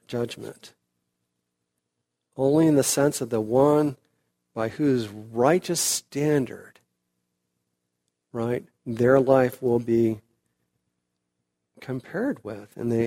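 A man preaching an expository sermon, slow and emphatic, building to loud, high peaks and then dropping back quiet.

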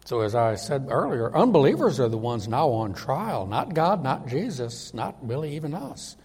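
Lively, emphatic male preacher in a hall. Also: medium pitch, moderate pace, husky. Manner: emphatic preaching that acts out quoted voices. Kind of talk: sermon.

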